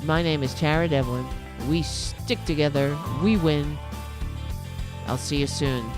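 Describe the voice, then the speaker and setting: A woman's voice: low voice, steady tone, a little slow. A woman hosting a political commentary show, talking casually with a sarcastic, mocking manner over faint music. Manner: sarcastic, mocking, reading out comments in mimicking voices.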